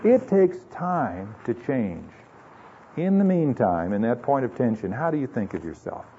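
A man's voice: medium pitch, very animated, measured pace, a little hiss or hum. A man from the United States preaching an earnest, conversational sermon full of rhetorical questions, in a dull lo-fi recording. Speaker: pastor.

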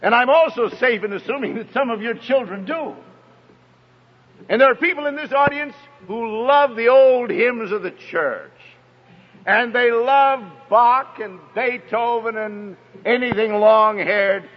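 A man's voice: very high voice, measured pace. A man telling a personal story in an emphatic sermon style and speaking straight to the parents in his audience. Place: hall with an audience. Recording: echoey hall, dull lo-fi sound.

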